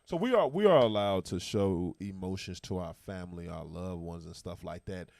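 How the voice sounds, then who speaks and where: A man with a somewhat low voice hosts a casual talk, speaking with emphatic, animated slang. The sound is dry and close, with no room echo. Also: moderate pace, vocal fry. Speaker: podcast host. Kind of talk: casual chat.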